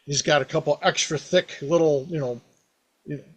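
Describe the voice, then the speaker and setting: Animated, rambling man telling a game story. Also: a little high, normal speed, husky. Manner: rambling, animated, many fillers and restarts. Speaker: podcast host, game master. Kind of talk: casual storytelling about a past game.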